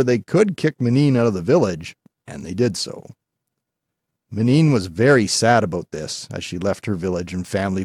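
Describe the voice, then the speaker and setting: Man, storyteller, low voice, husky, dry close sound, measured folk-tale reading. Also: darkish tone, dry recording. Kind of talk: scripted narration of a folk tale.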